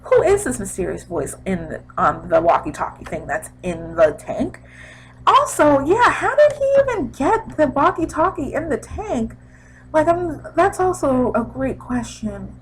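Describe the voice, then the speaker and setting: Young woman, casual vlog recap, high voice, very lively pitch, sound effects, faint background noise. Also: a little slow, poor audio. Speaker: vlogger recapping a TV episode. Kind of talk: casual chat.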